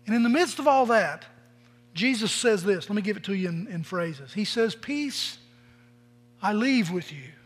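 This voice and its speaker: A middle-aged pastor's high voice, lively in intonation and at normal speed, rings through a church sanctuary with large-hall reverb. He tells stories in his sermon conversationally, voicing the quoted characters.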